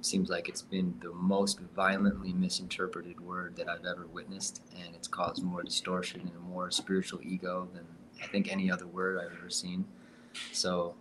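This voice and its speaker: A man speaking as a guest in a casual panel chat, calm and soft-spoken, with a spiritual bent. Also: low voice, slight background noise, low-quality recording. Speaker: guest musician and yoga teacher.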